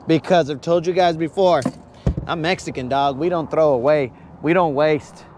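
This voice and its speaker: A man's voice: on the high side, normal speed, background noise. A man hosting a casual fishing livestream from a boat on a lake, hyped and slangy, talking straight to his viewers.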